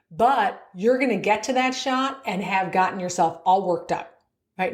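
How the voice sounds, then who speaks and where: A woman's voice: on the low side, echoey room. Woman, middle-aged, golf mental coach, upbeat, frequent laughter, podcast talk. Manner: upbeat, laughs often, acts out inner voices.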